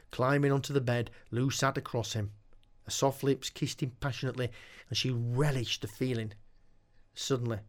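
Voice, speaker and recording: A man reading a horror story aloud, slow and dramatic. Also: mid-range voice.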